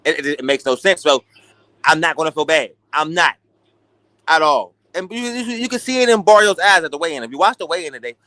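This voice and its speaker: A man with a high, bright voice rants through a late-night boxing talk stream. He swears freely and swings between hype and mockery. The sound is dry and close. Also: a little fast, no echo. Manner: animated, profane, ranting. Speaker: boxing talk show host. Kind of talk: casual livestream rant.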